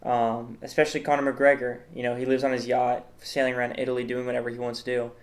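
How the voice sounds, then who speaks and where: Ranking items on a comedic tier list, this male host speaks in a rambling, mock-serious manner, frequently stalling on fillers and restarts. He talks fast and monotone, at a typical middle pitch for a man.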